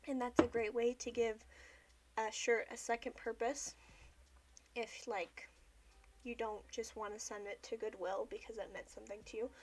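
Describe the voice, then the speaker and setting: A young woman talks to her stream while drawing in her journal. She is chatty, with plenty of "like" in her sentences. Her voice sits a little higher than most. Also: flat delivery, moderate pace, darkish tone. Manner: chatty, filler-heavy with frequent "like". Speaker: livestreamer. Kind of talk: casual chat while journaling.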